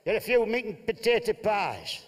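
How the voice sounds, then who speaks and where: A man voicing a fussy, grumpy older husband who refuses foreign food, in a loud raised voice. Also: big pitch swings, moderate pace. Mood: grumbling. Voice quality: loud, raised high pitch. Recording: long hall reverb.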